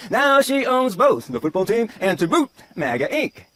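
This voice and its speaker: A man's voice: high voice, big pitch swings, normal speed, fairly bright tone, slight background noise. A man delivering sarcastic voice-over commentary, mocking and full of theatrical swings in emphasis.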